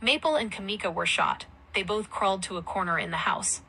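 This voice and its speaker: A woman narrating a story aloud in a plain, even storytelling manner. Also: medium pitch, brisk, slightly rough, poor audio.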